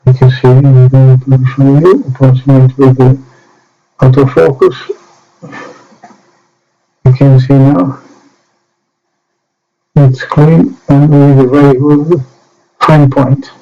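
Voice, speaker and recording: A slow, halting man, a miniature painting hobbyist, talks through a slow hands-on painting demo in short phrases with pauses. His mid-range voice shows little pitch movement. The recording is dull and lo-fi, with soft music.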